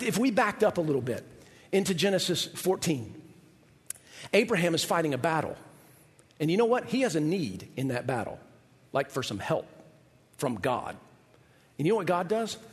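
A man preaching a sermon as pastor, animated and shifting his voice to act out biblical figures. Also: high-pitched, long reverb tail.

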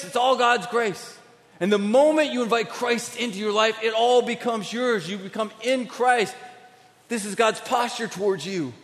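A man preaching a sermon to a crowd, with a volunteer on stage, talking directly and animatedly, going from quiet asides to emphatic declarations. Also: sits high. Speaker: pastor. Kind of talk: sermon with live demonstration. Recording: long hall reverb.

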